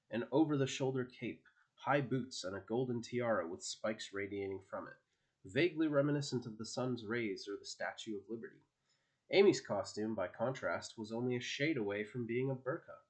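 A man narrating an audiobook in a steady storytelling manner. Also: lowish voice. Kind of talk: scripted narration.

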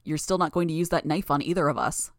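A woman voicing a smug, unfazed man in an audiobook, calm and dismissive. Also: deep voice, fast talker, dry recording, studio quality, lightly acted.

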